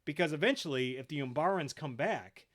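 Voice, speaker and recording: A man's voice: on the high side, animated, fairly quick, fairly bright tone. A man hosting a podcast, retelling episodes casually with lots of swearing and quoted voices. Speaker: podcast host. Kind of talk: casual chat.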